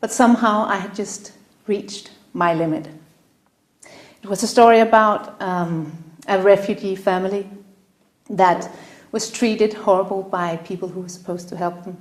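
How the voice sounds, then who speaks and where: Woman, event host, earnest halting speech, middle pitch, live room, echoey. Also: steady tone. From Denmark. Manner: earnest, halting, tearful at times. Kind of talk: emotional opening speech. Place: room in front of a live audience. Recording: roomy echo.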